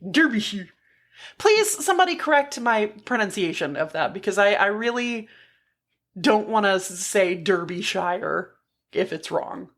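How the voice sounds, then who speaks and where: A woman's voice: mid-range voice, very animated, moderate pace, a bit bright. A woman with a Southern US accent co-hosting a podcast in loose, joking casual chat, swearing freely. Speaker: podcast co-host.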